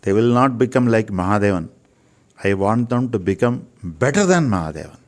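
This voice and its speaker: An older man with an Indian English accent, speaking as an interviewed Ayurvedic physician, gives earnest, preachy spiritual talk and repeats phrases for emphasis. His voice is fairly low, lively in intonation, and fairly quick.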